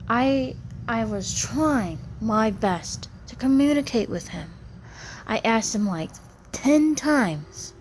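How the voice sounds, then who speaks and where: A woman's voice: on the high side, animated, takes it slowly, a little hiss or hum. A woman in her thirties venting in a personal vlog, rambling and aggrieved, restarting her sentences often. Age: 30s. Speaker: vlogger.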